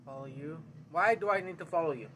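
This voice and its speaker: A man hosting a let's play, reacting to a horror game with excitable commentary, yelps, jokes and mock-dramatic outbursts. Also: a little high, a little fast, noisy background.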